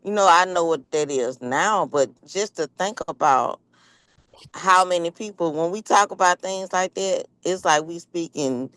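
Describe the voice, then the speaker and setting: A guest in casual chat, telling stories in a lively, colloquial way. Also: mid-range voice, measured pace, clear, resonant tone, dry recording.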